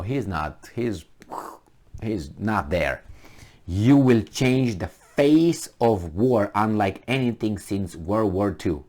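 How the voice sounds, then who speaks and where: A man's voice: deep voice, darkish tone. A man giving opinionated solo commentary in a vlog, sarcastic and incredulous, firing off rhetorical questions. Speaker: vlogger.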